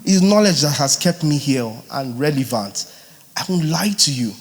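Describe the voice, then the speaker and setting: A man, teaching a live singers' workshop as a vocal coach, teasing and lively. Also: on the high side, moderate pace, a little hiss or hum. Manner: animated, teasing, mixes in pidgin. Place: large hall at a live boot camp. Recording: long hall reverb.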